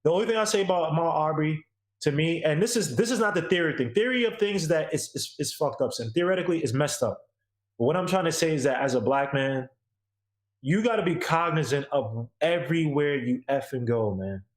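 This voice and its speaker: Man, podcast co-host, slangy emphatic rant, somewhat high voice, echoey room. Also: lively intonation, a little fast. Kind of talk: casual opinion chat.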